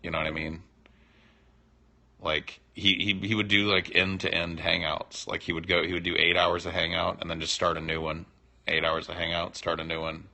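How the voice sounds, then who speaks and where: Male stream host, deep and gravelly; loose, teasing, profane chatter. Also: little pitch movement, normal speed, sharp tone. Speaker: livestream host answering chat. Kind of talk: casual unscripted chat.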